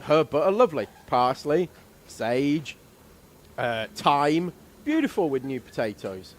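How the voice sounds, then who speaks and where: Lively English male commentator on a rant. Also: fairly high pitch. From England. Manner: animated ranting, rapid asides, frequent laughter. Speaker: race commentator. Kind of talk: casual chat on a live race stream.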